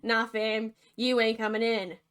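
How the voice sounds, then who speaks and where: A cocky young pig who answers everything in flippant slang, voiced by a woman narrator. The voice is a touch high and bright, and it suits a goofy cartoon tale. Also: little pitch movement, unhurried, clean tone.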